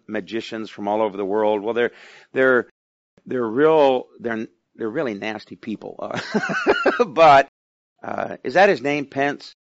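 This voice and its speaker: A man's voice: fairly low pitch, dry recording, highs cut off. A man preaching a sermon in a conversational manner, often asking the listeners questions.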